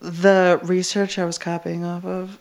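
A woman's voice: fairly low pitch, flat delivery, a little slow, darkish tone. A woman co-hosting a casual podcast, blunt and emphatic, swearing freely. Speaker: podcast co-host. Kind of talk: casual chat.

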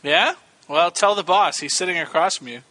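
A man's voice: sits high, moderate pace, pushed and bright, no room sound. A man co-hosting a card game podcast, ribbing the others and giggling often in casual chat.

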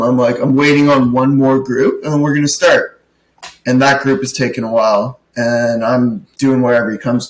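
A man's voice: medium pitch, a bit bright, reverberant, poor audio. A man hosting a podcast, telling a profane story with lots of acted-out dialogue. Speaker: podcast co-host, comedy show producer. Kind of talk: casual storytelling rant.

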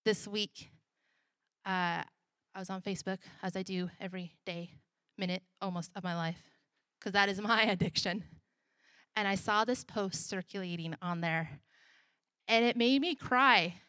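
A woman pastor delivers a sermon from the pulpit, swinging from emphatic, lifted lines down to soft, intimate ones. Her voice sits at a middle pitch. The sound is close and dry, with no room echo. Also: a little slow. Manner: repetitive preaching refrain, emphatic then soft.

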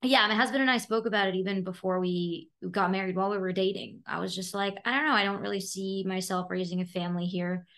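A woman in her thirties from Brooklyn, a podcast guest telling lively stories and putting on voices. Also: mid-range voice, quick pace, hardly any pauses. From Brooklyn, New York. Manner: lively storyteller, does voices and laughs. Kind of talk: casual interview chat.

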